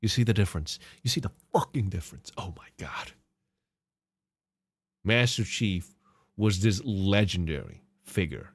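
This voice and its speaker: A man's voice: sits low, sing-song, a little slow, pauses often, slightly rough, no echo. A man hosting a podcast and reacting to game clips in casual commentary, sarcastic and mocking, swearing and laughing often. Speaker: podcast host.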